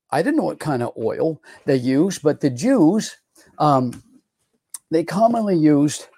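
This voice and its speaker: A man's voice: fairly high pitch, gravelly, warm tone, dry recording, studio quality. A middle-aged man, a pastor, teaching a Bible lesson in a conversational way, often repeating and restarting words. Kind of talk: sermon-style Bible teaching.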